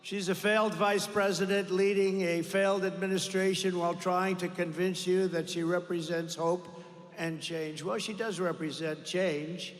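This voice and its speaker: A man's voice: high voice, fairly even intonation, normal speed. An older man giving a campaign rally speech in a large arena, boastful and repetitive, drifting into rambling asides. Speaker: political rally speaker. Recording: echoey arena with long reverb.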